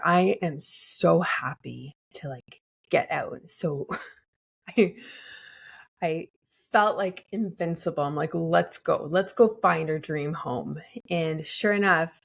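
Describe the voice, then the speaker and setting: A woman's voice: fairly low pitch, slightly rough. A woman in her thirties, hosting a podcast and candidly telling a personal story, laughing often as she talks. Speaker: podcast host.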